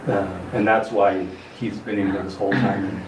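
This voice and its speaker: A man calmly explaining on a reality show, measured and hesitant with frequent restarts. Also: fairly low pitch. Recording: roomy distant clip with noisy background.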